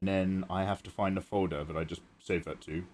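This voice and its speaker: A man's voice: sits low, steady tone, a little fast, a little mellow, a little hiss or hum. A man livestreaming his digital drawing, rambling and joking as he talks to his chat. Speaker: art livestreamer.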